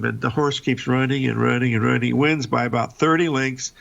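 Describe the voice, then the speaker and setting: An older man hosts a live market program and drifts into folksy stories, repeating words as he goes. His voice is deeply gravelly and fry-heavy. The broadcast audio sounds dull and lo-fi. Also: a little fast, hardly any pauses, a bit bright. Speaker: show host. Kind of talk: casual live market talk and storytelling.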